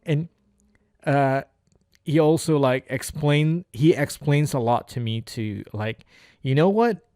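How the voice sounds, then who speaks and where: A man's voice: medium pitch, fairly even intonation, slow pace, a little mellow, no room sound, clean studio sound. A man whose first language is Indonesian, practicing spoken English in a casual monologue, hesitant, with frequent restarts and fillers. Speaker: English learner.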